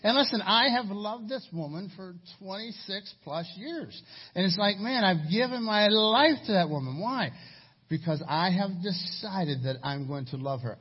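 A man's voice: sits high, husky. A middle-aged man preaching a sermon as pastor, telling stories with sudden raised emphasis. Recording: dull lo-fi sermon recording.

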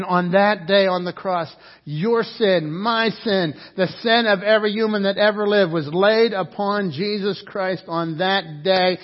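A man with a notably high voice preaching a sermon with passion. He swings between hushed moments and loud, emphatic bursts, often repeating words as he builds. The recording sounds dull and lo-fi. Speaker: pastor.

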